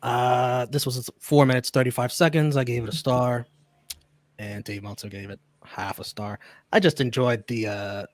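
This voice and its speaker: A man's voice: mid-range voice, steady tone, moderate pace, no echo. Podcast guy walking through old matches, laughs a lot, middle voice, dry mic. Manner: recaps matches, laughs often. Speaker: podcast host reviewing wrestling. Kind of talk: casual podcast review.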